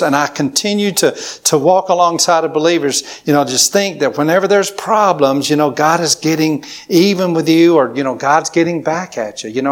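A man preaching a sermon to a congregation, emphatic, with repetitions and call-and-response. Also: a little high. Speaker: pastor.

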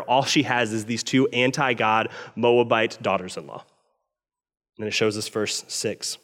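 A male pastor preaching in a middle-pitched voice that lifts sharply when he quotes and drops quiet to drive a point home. The sound carries a long reverb, as in a large hall. He speaks to a congregation in an earnest, animated way. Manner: expressive preaching with rising intensity on quoted lines. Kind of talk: sermon.

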